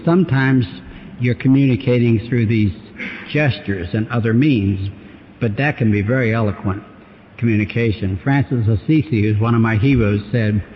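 A man's voice: medium pitch, slight background noise. A man preaching a sermon, emphatic and fond of repeating his phrases for effect. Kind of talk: sermon on marriage communication. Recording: dull sound with long hall reverb.

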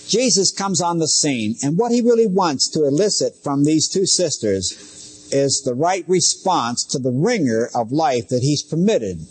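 A man's voice: fairly high pitch, a little mellow, husky. A middle-aged man preaching a sermon as pastor, talking conversationally with asides and direct questions to his listeners.

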